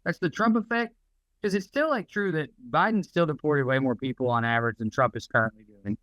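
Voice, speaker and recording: A man's voice: on the high side, brisk, fairly bright tone, rough recording. A man co-hosting a podcast, ranting in casual, profane chat. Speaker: podcast co-host.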